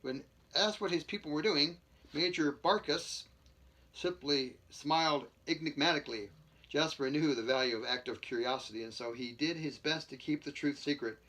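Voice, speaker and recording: Man reading aloud with asides, bright and a bit high, folksy and loose. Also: normal speed. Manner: stumbles and restarts, chuckles, adds jokey remarks between passages. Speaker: reader.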